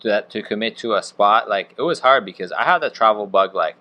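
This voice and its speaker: A man's voice: on the low side, expressive, a little fast, sharp tone. A man in his thirties from Wisconsin, a chef and restaurant owner, chatting casually on a podcast in a laid-back way full of fillers. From Wisconsin, USA. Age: 30s.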